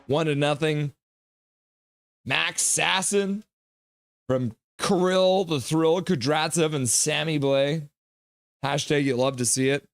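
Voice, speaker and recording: A man hosting a live hockey reaction stream, reading chat messages aloud, joking and reacting loudly to goals. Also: a little high, slow, vocal fry, dry recording. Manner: excitable, reads chat aloud and jokes.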